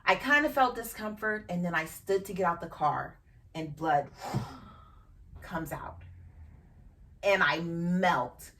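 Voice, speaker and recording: A woman with a fairly low voice hosts a podcast and tells a deeply personal story. She speaks frankly and emotionally and swears casually. She sits some distance from the mic, so her voice sounds a little far off. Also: takes it slowly, pauses often, fairly bright tone. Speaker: podcast host.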